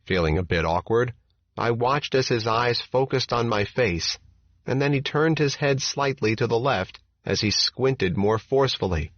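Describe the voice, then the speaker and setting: A man narrating an audiobook memoir in the first person, with measured, steady storytelling. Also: mid-range voice, no room sound. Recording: dull, dry audiobook recording.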